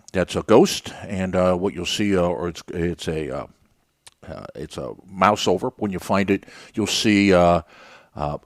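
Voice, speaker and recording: A low-voiced man hosts a radio show, delivering an unscripted monologue that rambles conversationally, packed with fillers and restarts. The recording is dry and studio quality.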